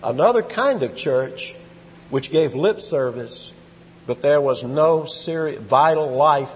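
A man's voice: on the high side, animated, slow, breathy edge. A man teaching a Bible study in a conversational, emphatic way, quizzing his listeners and reading scripture aloud. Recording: muffled echoey hall recording.

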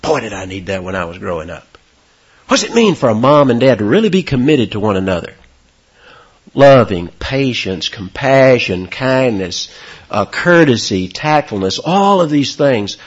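A man preaching a sermon, with sudden high, loud emphasis on key words and a husky voice. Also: big pitch swings, normal speed, lo-fi sound. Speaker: pastor.

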